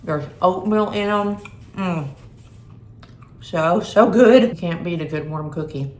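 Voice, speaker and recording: This middle-aged woman's voice is fairly low and darkish, at a normal speed. She's a homey vlogger chatting to camera in her echoey kitchen, nibbling on snacks as she talks.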